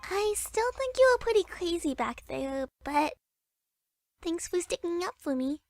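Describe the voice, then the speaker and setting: A woman's voice: very high voice, big pitch swings, unhurried, a little mellow, no room sound, faint music behind, exaggerated voice. A woman voicing a shy, loyal young filly schoolfriend in a fan-made cartoon. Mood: grateful. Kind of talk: fan-made animated film dub.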